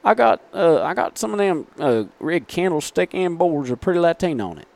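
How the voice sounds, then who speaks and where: Casting: a man doing an eager Southern trucker with a high, twangy drawl. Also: big pitch swings, fairly quick, gravelly, darkish tone. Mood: excited. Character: excitable Southern male lumber supplier.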